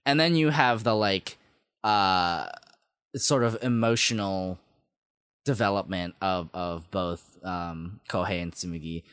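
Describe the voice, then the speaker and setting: A man's voice: sits low, slow, a bit bright, smooth, no echo. Man, casual chat, lots of fillers and restarts, enthusiastic, dry close mic. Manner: rambling, filler-heavy, enthusiastic. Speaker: podcast co-host discussing an anime.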